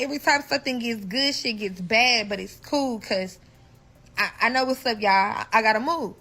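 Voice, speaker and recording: A woman from St. Louis telling a personal story to her viewers in a casual storytime vlog, animated and full of profanity. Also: a little high, normal speed. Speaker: storyteller vlogger.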